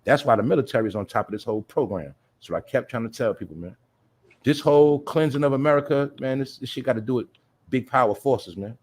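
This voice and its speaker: A man's voice: medium pitch, fast, darkish tone. A man hosting a livestream show, talking casually in street slang, swearing and repeating his points to his listeners. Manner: streetwise slang, addresses listeners as "y'all", "you feel me"; profanity-laced.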